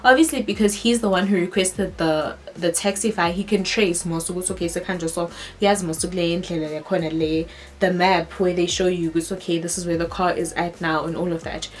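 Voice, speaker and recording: A woman with a South African accent, telling a personal story to her viewers in an animated, emphatic way. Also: fairly low pitch, brisk, a little hiss or hum. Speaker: vlogger. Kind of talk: storytelling to camera.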